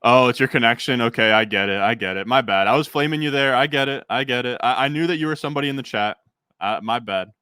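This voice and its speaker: A man's voice: medium pitch, fast, bright, forceful tone, clear, resonant tone, no room sound. A young man streaming a fantasy football draft, chatting casually with his chat and rambling through fillers.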